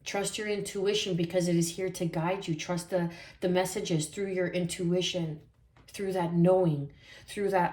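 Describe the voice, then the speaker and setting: A woman giving a spiritual tarot reading in a soft, reflective way, often repeating phrases for emphasis. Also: on the low side, steady tone, a little slow, reverberant. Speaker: tarot reader.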